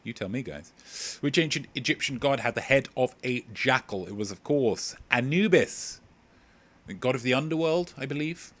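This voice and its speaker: A man's voice: medium pitch, animated, normal speed, a bit bright. A young man hosting a casual livestream quiz, joking and rambling as he reads out answers from viewers. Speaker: quiz host.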